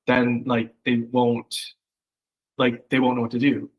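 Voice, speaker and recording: Heard with phone-quality sound, this copywriting coach speaks at a measured pace in a medium-pitched voice with a completely flat delivery. Even so, his one-on-one copy critique is loose and chatty, packed with fillers and acted-out quotes.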